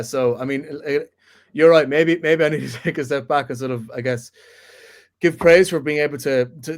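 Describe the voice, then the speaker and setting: Halting man chatting sports. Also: medium pitch. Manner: halting, lots of restarts, bantering. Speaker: podcast co-host. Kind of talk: casual sports chat.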